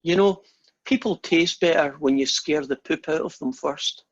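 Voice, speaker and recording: A patient, sly father shark explains himself as a man puts him on in a husky voice. The audio is dull and lo-fi, as if heard over an online class call. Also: a little high, moderate pace, no echo, lightly acted. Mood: knowing. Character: sly knowing old male daddy shark.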